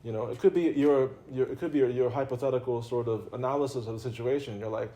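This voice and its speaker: A man's voice: medium pitch, quick pace, hardly any pauses, mellow. A man giving an informal spiritual talk to an audience, conversational and playful, often laughing and repeating himself. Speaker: religious teacher.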